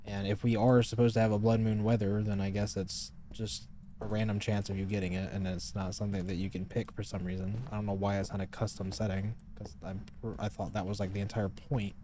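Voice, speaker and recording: Male game streamer, lowish mellow voice, chatty live commentary at a desk mic, grumbles about updates. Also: level tone, a little fast, slight background noise. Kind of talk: casual live gameplay commentary.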